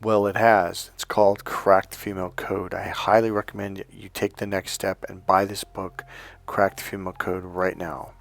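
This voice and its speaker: A man's voice: low-pitched, little pitch movement, moderate pace, gravelly. Emphatic man lecturing on dating. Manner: emphatic, repetitive lecturing with anecdotes. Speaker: dating coach. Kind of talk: teaching to camera. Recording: faint music behind. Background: faint music.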